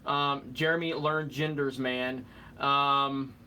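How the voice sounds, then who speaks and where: A man's voice: mid-range voice, little pitch movement, takes it slowly, pushed and bright, a little hiss or hum. A young man hosting a live stream, casually reading out chat comments with a joking, rambling manner and the odd fumble over words.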